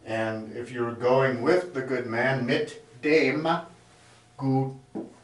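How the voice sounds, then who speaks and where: Slow-talking man teaching at a board. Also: mid-range voice. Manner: slow, explanatory, writing on a board as he talks. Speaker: German teacher. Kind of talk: classroom grammar lesson. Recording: echoey room, mic far off.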